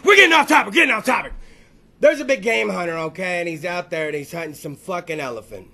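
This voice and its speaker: High-voiced, swearing man ranting. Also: fast, creaky. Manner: profane, rambling, excitable. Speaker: podcast host. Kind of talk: comedic rant.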